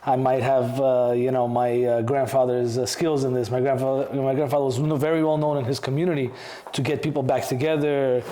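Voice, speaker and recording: A man in his thirties talks about his own experience in a hesitant, personal way, often pausing and restarting his sentences. His pitch is ordinary. The recording is echoey, with a faint hiss. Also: flat delivery, dark tone. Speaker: podcast co-host. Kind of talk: casual podcast discussion.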